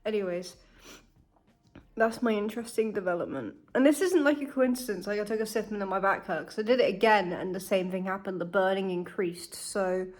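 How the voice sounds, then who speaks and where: A woman's voice: medium pitch, fairly quick. A young woman chatting casually to camera in a vlog, candid and chatty with frequent swearing, while in pain. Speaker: vlogger.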